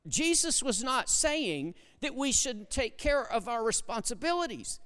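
A pastor preaching a sermon, swinging between hushed, low passages and loud, emphatic ones. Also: male voice, very animated, unhurried, clear, resonant tone. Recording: long hall reverb.

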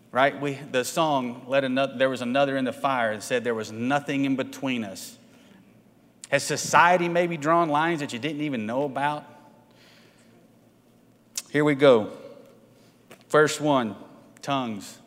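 The big-room sound of a church sanctuary surrounds a man's mid-range, somewhat bright voice as he preaches to his congregation midweek. He keeps it conversational, asking the congregation questions, often checking in with "right?" and asking for hands to go up.

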